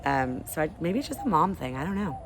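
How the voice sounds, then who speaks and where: A fairly low-voiced woman reading a storybook aloud with very lively pitch. She reads like a teacher with a class, and a faint hiss of room noise sits behind her. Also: a little fast. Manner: expressive, animated.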